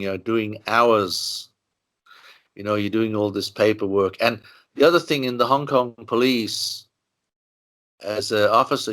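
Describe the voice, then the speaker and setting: This is a relaxed interview in which an older man from Ireland spins lengthy, wandering tales, often tossing in "you know." He speaks in a lowish register that still has a fairly bright quality.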